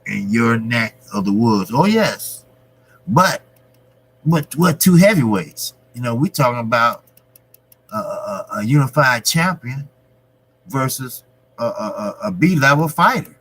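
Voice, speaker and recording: A man's voice: mid-range voice, a bit bright, low-quality recording. A man hosting a boxing livestream, reading the live chat aloud and talking bluntly and profanely in casual street banter.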